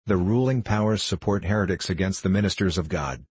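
A man reading the part of an angry, blustering middle-aged friar, sarcastic and loud. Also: low-pitched, a little fast, husky, no echo. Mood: indignant.

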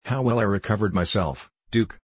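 A self-satisfied, boasting sleigh driver read by a man in an audiobook. The voice is low and a little husky, recorded close and dry. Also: normal speed, dry recording. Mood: boastful.

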